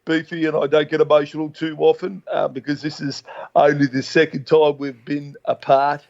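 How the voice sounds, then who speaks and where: A man's voice: on the high side, level tone, normal speed, creaky, darkish tone. A man with an Australian accent co-hosting a comedy sports radio show by phone, spinning rambling, blokey yarns. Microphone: phone line. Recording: dull phone-line sound.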